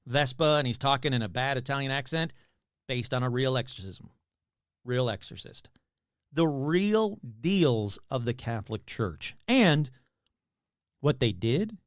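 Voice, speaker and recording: A male podcast host talks off the cuff in a rambling, self-mocking way, his voice springing up and down all the time. His pitch sits a little high for a man. The sound is dry and close, with no room around it. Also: a bit bright, no echo. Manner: chatty, rambling, self-deprecating. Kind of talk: casual podcast monologue.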